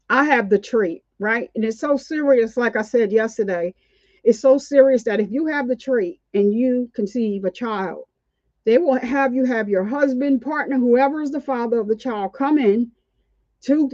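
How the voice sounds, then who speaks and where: A woman's voice: a little high, a little mellow, no room sound, lo-fi sound. A woman hosting a casual, outspoken commentary on a court trial, indignant and chatty. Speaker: commentary channel host.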